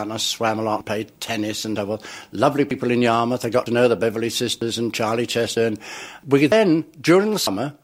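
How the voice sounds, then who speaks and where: Older entertainer telling chuckling anecdotes. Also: male voice, medium pitch. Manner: chuckling, animated, acts out the people in his stories. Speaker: entertainer recalling his career. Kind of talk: anecdotal storytelling.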